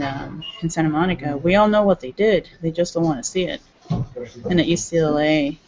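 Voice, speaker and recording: A woman's voice: deep voice, a little mellow. A woman talking to camera in a rambling, agitated monologue, jumping from one topic to the next. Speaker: self-described activist. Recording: dull lo-fi recording with clear background noise.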